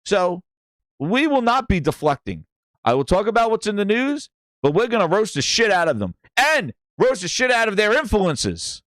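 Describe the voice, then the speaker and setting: A man's voice: high-pitched, normal speed, no room sound, studio quality. A man hosting a gaming livestream, ranting with profanity and calling out viewers in the chat. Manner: animated, profane, shouting out chat names.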